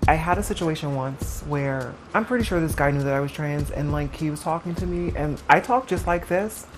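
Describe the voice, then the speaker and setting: A woman's voice: low-pitched, fairly quick. A woman in an interview telling a candid personal story, speaking plainly with lots of filler words. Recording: music bed underneath.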